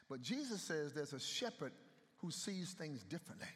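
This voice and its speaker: High-voiced preacher in an echoey hall. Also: male voice, big pitch swings, normal speed, a bit bright. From United States. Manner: conversational preaching, banters with the congregation. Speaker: pastor. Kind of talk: sermon.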